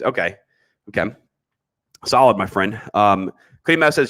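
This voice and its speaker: A man's voice: on the low side, normal speed, a bit bright. A man hosting a casual livestream podcast, reading chat messages and answering them bluntly, with frequent restarts and slang.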